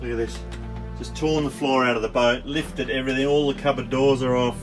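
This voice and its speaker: A middle-aged man in shock, talking haltingly with many pauses as he records a video diary aboard his damaged boat. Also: mid-range voice, fairly even intonation, over music. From Australia. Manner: halting, filler-heavy. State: in shock, emotional. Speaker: sailing vlogger.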